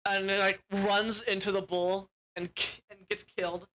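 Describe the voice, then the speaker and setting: Young man, bright voice, casual movie recap, rambling, crude, lots of fillers. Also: sits high, flat delivery, measured pace. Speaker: movie reviewer.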